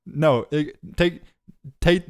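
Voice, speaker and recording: A man's voice: on the high side, a little mellow. A playful young man trades jokes with a friend as podcast co-host. He keeps the tone loose and laughs easily. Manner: joking, playful, quick to laugh. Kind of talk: casual chat between friends.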